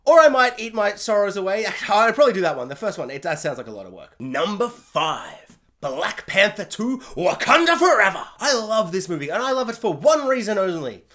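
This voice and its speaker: A man's voice: sits high, sing-song, fast, few pauses, fairly bright tone. A man giving a casual film ranking monologue, rambling with frequent laughs and restarts, sometimes mock-outraged. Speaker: film reviewer.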